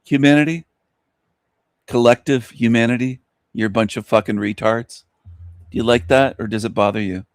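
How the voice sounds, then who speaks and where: A man at mid pitch ranting in a scornful solo monologue, mocking and insulting his listeners and laughing at them. He fires off rhetorical questions as the host of an online radio show. The sound is dry and close, with no room around it. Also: fairly even intonation, normal speed, pauses often, no echo.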